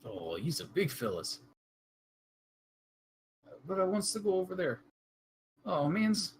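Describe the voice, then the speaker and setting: A goofy, rough-talking adventurer, put on by a tabletop player, lurches through mangled grammar in a lively, up-and-down voice. Faint background hiss sits under the voice. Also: medium pitch, slow pace. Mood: eager. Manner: mangled grammar, friendly drawl.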